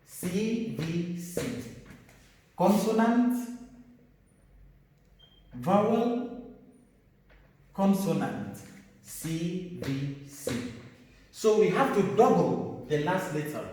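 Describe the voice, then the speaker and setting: A man teaching an English grammar lesson, speaking slowly, repeating words and stressing single letters. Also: on the high side, darkish tone, slight background noise. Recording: echoey room, voice from far off.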